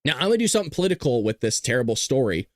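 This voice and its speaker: A man's voice: mid-range voice, sing-song, racing, no echo, clean studio sound. Blunt man hosting a live stream. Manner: blunt, casual, combative; clears his throat often. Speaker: show host. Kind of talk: livestream commentary to a chat.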